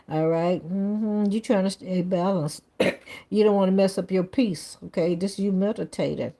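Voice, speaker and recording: A woman's voice: medium pitch, moderate pace, warm tone. A woman giving a live-stream tarot reading in a casual, blunt way, swearing freely and saying "all right" and "okay" over and over. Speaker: tarot reader.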